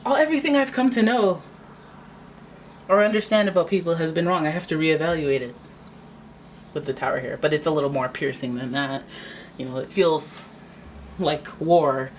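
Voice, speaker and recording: A woman's voice: low-pitched, normal speed, long pauses, slight background noise, low-quality recording. A woman giving a casual tarot reading, chatty and dramatic, often acting out what people might say. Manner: chatty, dramatic, acts out quoted voices. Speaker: tarot reader.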